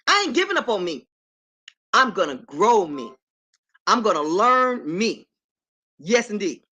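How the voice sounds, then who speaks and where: High, bright-voiced emphatic woman. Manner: emphatic, self-affirming, shouts out viewers. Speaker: live streamer. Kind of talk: casual live-stream chat. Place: her apartment.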